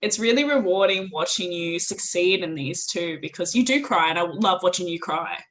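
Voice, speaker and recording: A woman's voice: on the low side, lively intonation, normal speed, fairly bright tone. Effusive woman interview host. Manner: effusive and teasing. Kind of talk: casual interview chat.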